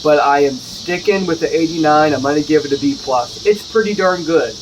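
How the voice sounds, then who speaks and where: A man's voice: fairly high pitch, fairly quick, background noise. Chatty man reviewing whiskey outdoors. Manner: chatty, jokey, self-correcting asides. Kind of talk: casual solo review. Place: outdoors at home, with neighbors nearby.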